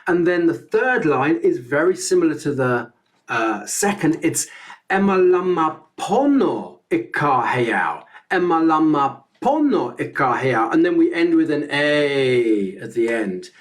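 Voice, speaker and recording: A man's voice: on the high side, lively intonation, a little slow. A man teaching a harmony song in a live online singing lesson, explaining it step by step in a friendly way.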